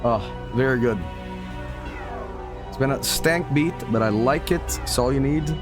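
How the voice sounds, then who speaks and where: A man's voice: mid-range voice, a little slow. A man streaming live and chatting casually with viewers, joking, swearing and sarcastic, with music playing behind him.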